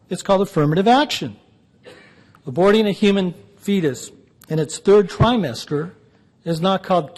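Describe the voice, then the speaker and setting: A man's voice: sits high, darkish tone. A man giving a public lecture, telling jokes in a dry, punchy storytelling way. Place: lecture hall.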